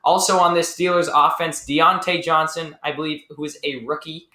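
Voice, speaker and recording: An excitable man reads out football stats and jokes with his co-host. His voice is bright and forceful, and a little high for a man. The talk echoes in a roomy space. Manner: excitable, joking, quick to laugh. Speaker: sports podcast co-host. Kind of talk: casual sports analysis chat. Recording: echoey room.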